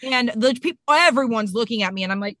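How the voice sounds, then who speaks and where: Woman, thirties, bright voice, dry close sound, animated self-mocking storyteller. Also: on the high side, a little fast, no echo. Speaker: podcast guest mom. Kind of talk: casual storytelling.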